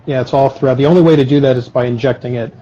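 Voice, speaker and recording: A man's voice: medium pitch, fairly even intonation, racing, dark tone, a little hiss or hum. A man who makes chocolate, chatting on a live video call and explaining his process in detail with many ums and uhs. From Los Angeles area. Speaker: guest chocolate maker. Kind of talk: casual live-stream conversation. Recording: dull lo-fi live-stream audio.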